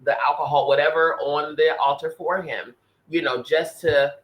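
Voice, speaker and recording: A man's voice: a little high, fairly even intonation, normal speed, a bit bright, rough recording. A man co-hosting a podcast, earnestly telling a personal spiritual story in casual chat, often restarting and repeating phrases. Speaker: podcast co-host.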